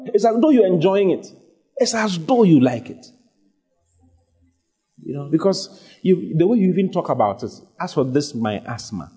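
A man delivers a sermon in a husky, mellow voice pitched a little high. His intonation swoops widely as he drives each point home and repeats key lines for emphasis. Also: animated, normal speed, long pauses. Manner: emphatic, repeats key phrases, rising to fervent exhortation. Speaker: preacher.

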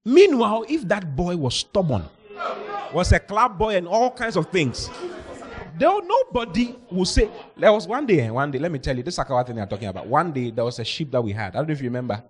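A man, a pastor preaching a sermon, telling stories with lively mimicry of voices and frequent laughter. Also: on the high side, brisk. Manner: animated storytelling, mimics voices, laughs often.

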